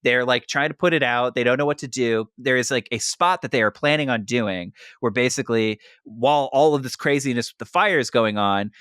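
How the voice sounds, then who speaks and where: A young man hosting a podcast, retelling a story in animated casual chat and saying "like" a lot. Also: mid-range voice, a little fast, few pauses, smooth, dry recording, clean studio sound. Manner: animated retelling, heavy use of "like". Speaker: podcast host.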